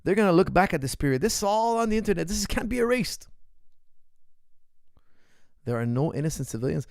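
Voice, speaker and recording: A man's voice: sits high, big pitch swings, brisk, vocal fry, a little mellow, dry recording, clean studio sound. A man, a martial arts coach, answering viewer questions in an impassioned, indignant monologue, repeating phrases for emphasis.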